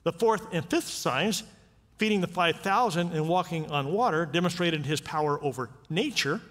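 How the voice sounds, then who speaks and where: A man's voice: fairly high pitch, normal speed, fairly bright tone. A man preaching a sermon as pastor, talking in a conversational way with frequent rhetorical questions. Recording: long reverb of a church sanctuary.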